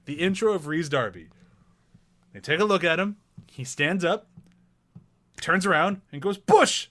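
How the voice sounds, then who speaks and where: A man hosting a casual film review chat, animated and laughing often, acting out movie quotes. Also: on the high side, moderate pace. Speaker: podcast host.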